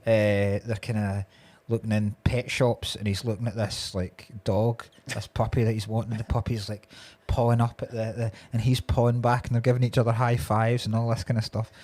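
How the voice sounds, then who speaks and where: A man's voice: mid-range voice, moderate pace. A Scottish man co-hosting a podcast, retelling stories in casual chat with big laughs. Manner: animated retelling, laughs hard. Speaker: podcast co-host.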